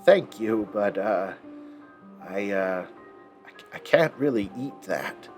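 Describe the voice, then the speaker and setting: A man's voice: lowish voice, animated, slow, soft background music. A man voicing a timid, frail elderly male undead gnome who stammers nervously.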